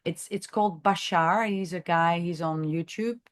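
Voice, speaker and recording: A woman who is a chiropractor, leading a masterclass discussion in an unscripted, halting way, thinking aloud with many fillers and restarts. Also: fairly low pitch. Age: adult, has a grown daughter. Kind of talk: unscripted teaching talk.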